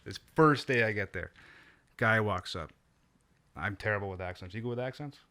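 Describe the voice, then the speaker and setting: A man's voice: fairly low pitch, moderate pace, pushed and bright. A man in his thirties from Nova Scotia in Canada, a comedian guest telling a rambling, laughing story on a podcast and swearing freely.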